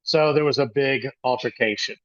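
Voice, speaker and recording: An older man in his sixties tells a story from his own childhood, wandering and halting as he goes, with plenty of restarts. The sound is dry and a little dull, with no room around his voice. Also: mid-range voice, dry recording. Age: 60s. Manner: rambling, halting with frequent restarts. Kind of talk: personal storytelling talk.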